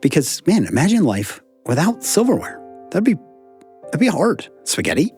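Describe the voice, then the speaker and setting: A man's voice: fairly high pitch, normal speed, soft background music. A middle-aged man, a professor and author, talking as a guest on a casual podcast, acting out people's thoughts as he explains. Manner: animated, acts out quoted thoughts.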